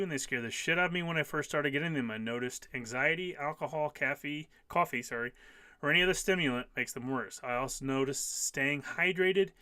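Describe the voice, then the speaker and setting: A man's voice: medium pitch, pushed and bright, no echo, studio quality. A man in his fifties hosting a casual live stream, reading viewer comments aloud and answering them emphatically, often repeating key phrases. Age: 50s.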